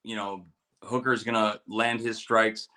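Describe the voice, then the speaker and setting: A middle-aged man, a veteran co-hosting a casual show, telling stories and giving fight picks with lots of profanity and animated quoting. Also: fairly low pitch, a little slow. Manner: storytelling, profane, animated quotes. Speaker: podcast co-host, military veteran.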